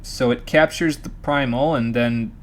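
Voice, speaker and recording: A man's voice: mid-range voice, a little slow, slight background noise. A man commentating a live game stream, chatty and jokey. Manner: chatty, jokey, frequent laughs.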